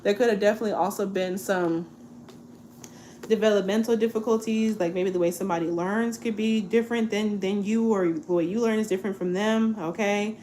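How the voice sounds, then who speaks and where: A woman in her twenties giving a casual tarot reading, chatty and relaxed, often checking in with "okay?". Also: medium pitch, fairly quick, a little hiss or hum. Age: 20s. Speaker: tarot reader.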